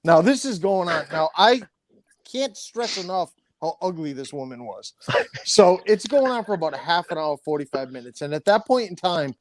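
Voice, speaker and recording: A man's voice: fairly high pitch, big pitch swings, moderate pace. A middle-aged man telling a long, profane story in casual chat, rambling with many restarts. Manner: rambling, swears often, restarts. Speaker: storyteller guest.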